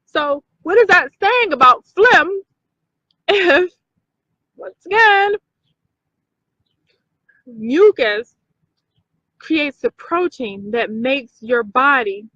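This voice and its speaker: A woman's voice: sits high, animated, extremely slow, long pauses, pushed and bright, dry recording, highs cut off. A woman hosting a casual talk video for her viewers, emphatic, repeating points and checking in with "okay?". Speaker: video host.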